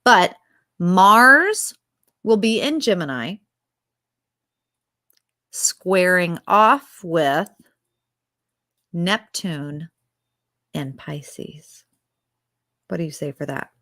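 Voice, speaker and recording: A woman with a slightly low voice co-hosts a casual astrology chat. She talks with lively enthusiasm and wanders off on tangents, and the recording is dry and close. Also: extremely slow, pauses often, no echo. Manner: animated, enthusiastic, rambling. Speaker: astrology podcast co-host.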